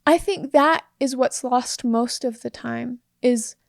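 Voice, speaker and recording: High-voiced chatty woman podcaster. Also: slow, gravelly, no echo, studio quality. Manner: animated, laughs often, acts out sample phrases. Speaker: podcast co-host. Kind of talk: casual chat.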